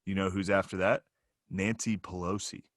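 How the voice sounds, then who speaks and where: A man's voice: deep voice, level tone, moderate pace, no room sound, studio quality, pitched below the performer's own voice, natural voice. A man doing a grumbling old dad. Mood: conspiratorial. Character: grumpy older male dad, gruff and suspicious.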